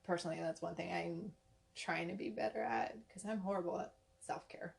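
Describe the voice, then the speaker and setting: A woman's voice: on the low side, fairly even intonation, a little fast, creaky. A woman hosting a podcast, talking in a supportive, reflective casual way with frequent "like". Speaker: podcast host. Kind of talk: casual chat.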